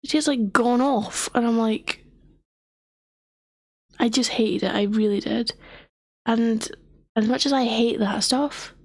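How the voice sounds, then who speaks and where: A woman's voice: fairly high pitch, slow pace, pauses often, no room sound. A young woman streaming, telling a story in casual chat, often dropping to a whisper, her voice worn from a sore throat. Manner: animated, often drops to a whisper.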